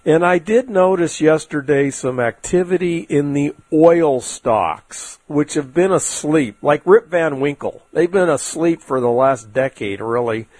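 A man's voice: on the high side, lively intonation, a little slow, hardly any pauses, a little mellow, no echo. A man hosting an investment talk show, giving casual market commentary in a rambling, folksy way with many fillers.

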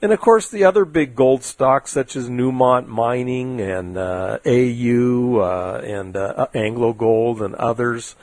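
A man's voice: medium pitch, slow, hardly any pauses, darkish tone, no echo. Guy hosting a money show, rambly and folksy, lots of uhs, dry close sound. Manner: rambling, filler-heavy, folksy asides. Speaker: investment show host. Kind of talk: casual market commentary.

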